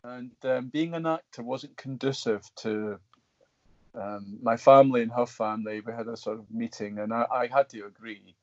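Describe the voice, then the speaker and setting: A middle-aged Scottish man, an actor guest, telling stories in an animated, rambling way with many restarts. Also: mid-range voice, moderate pace, dry recording, highs cut off. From Scotland. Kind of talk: casual storytelling interview.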